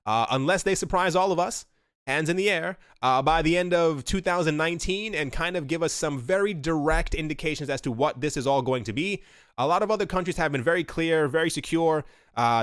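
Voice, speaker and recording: A man giving casual, opinionated commentary in a voice pitched a bit high for a man. He talks loosely, full of fillers and restarts. The sound is dry and close. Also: fairly quick, fairly bright tone, clear, resonant tone, no echo. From United States. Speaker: crypto video host.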